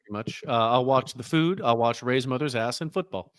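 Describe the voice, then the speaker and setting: A man's voice: mid-range voice, a little fast, clear, resonant tone, no room sound. A man with a Boston accent and a mid-range voice, recorded dry and close. He drops crude, blunt one-liners into casual podcast banter with his friends. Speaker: podcast co-host. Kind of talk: casual sports chat.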